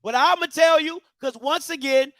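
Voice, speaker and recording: A man's voice: very high-pitched, normal speed, sharp tone, no room sound, clean studio sound. A man hosting a heated commentary rant, firing repeated rhetorical questions at viewers in a preacher-like call-and-response cadence. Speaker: commentary show host.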